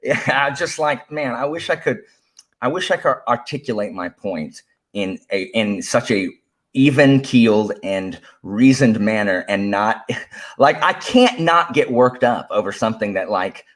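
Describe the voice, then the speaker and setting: A man who teaches history, talking excitedly as a podcast guest and getting worked up as he speaks. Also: medium pitch, measured pace. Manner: excitable, animated, gets worked up. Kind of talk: casual chat.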